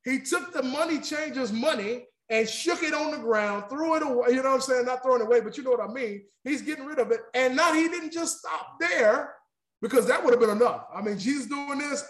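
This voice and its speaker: A man's voice: very high voice, animated, normal speed, reverberant. A man preaching a sermon in an emphatic, repetitive way, calling out to the congregation.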